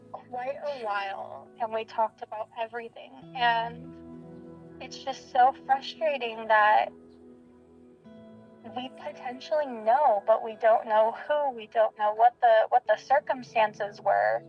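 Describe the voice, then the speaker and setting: Young woman, halting and soft, lots of likes and ums, kinda gravelly. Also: fairly high pitch, fairly even intonation, lo-fi sound, soft background music. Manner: halting, soft-spoken, with fillers like "like" and "um". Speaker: friend of a murder victim. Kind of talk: personal interview recollection.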